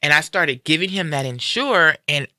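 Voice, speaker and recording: A man talks in a casual live-stream conversation, his voice bright, sharp and pushed forward, a little higher than most men. He retells a personal story with animation, acting out each quoted line as he goes. The sound is dry and close. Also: expressive, moderate pace, no room sound. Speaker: guest sharing a personal story.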